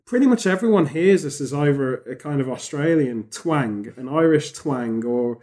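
A man, talking casually on a podcast. His voice sits a little high for a man, and he rambles eagerly, often restarting his sentences. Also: moderate pace. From England. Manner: rambling, animated, many restarts. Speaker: podcast host.

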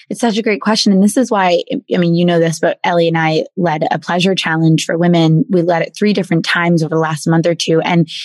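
A woman coach telling her personal story in an interview, earnest and animated, often repeating and restarting words. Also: lowish voice, no room sound. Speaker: guest, women's coach. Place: in Bali.

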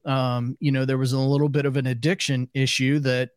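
A man's voice: mid-range voice, little pitch movement, a little fast, clean tone, no room sound. Guy hosting a podcast, rambly questions with lots of you-knows, dry close mic. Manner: rambling, hesitant questioning with many fillers. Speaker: interview host. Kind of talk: casual interview.

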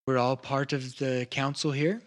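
A man voicing a composed female wood elf who speaks for her council in measured, formal sentences. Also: medium pitch, steady tone, lightly acted. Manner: measured, formal diplomatic speech.

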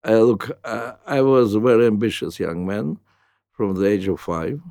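An older man with a Russian accent, a native Russian speaker, answering interview questions in halting, reflective English. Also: on the low side, vocal fry, a little mellow, no echo, clean studio sound. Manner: halting, restarts with "uh", non-native grammar. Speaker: guest.

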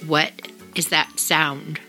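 A woman's voice: low voice, level tone, slow pace, vocal fry, pushed and bright, soft background music, full character voice. A woman voicing an exasperated father who scolds his daughter in a stern, weary way while telling a story.

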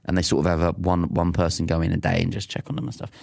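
A man's voice: low voice, fairly even intonation, rapid-fire, creaky, a little mellow, dry recording, clean studio sound. A man co-hosting a podcast, telling a rambling, laughing anecdote in casual chat, recorded in a teepee at home. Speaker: podcast co-host.

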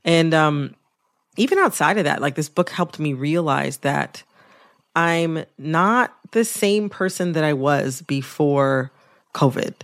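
Low-voiced woman radio host. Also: animated, takes it slowly. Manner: reflective, thoughtful questions. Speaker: podcast host. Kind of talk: radio interview.

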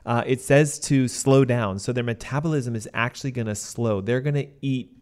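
A man co-hosting a health podcast as a doctor, explaining at length in a steady, teaching manner. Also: medium pitch, normal speed.

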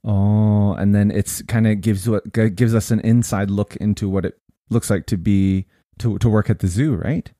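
A man co-hosting a casual family podcast, upbeat and laughing often as he gently prompts his kids. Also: lowish voice, fairly even intonation, moderate pace, no room sound, clean studio sound. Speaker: podcast co-host and parent.

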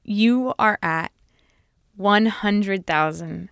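A woman's voice: mid-range voice, very slow, creaky, a bit bright, clear, resonant tone, dry recording, clean studio sound. A woman improvising a comedy scene, talking in a chatty, flustered way as she switches between characters. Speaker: comedy podcast co-host.

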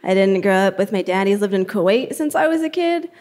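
Deadpan young woman doing stand-up. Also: medium pitch. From New Jersey. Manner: deadpan, halting delivery with fillers. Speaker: stand-up comedian. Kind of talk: stand-up comedy set.

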